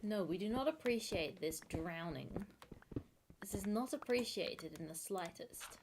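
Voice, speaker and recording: A woman's voice: mid-range voice, lively intonation, a little slow, background noise. A woman streamer chatting to herself with wry asides while playing a game. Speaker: gaming streamer. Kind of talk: casual gameplay commentary.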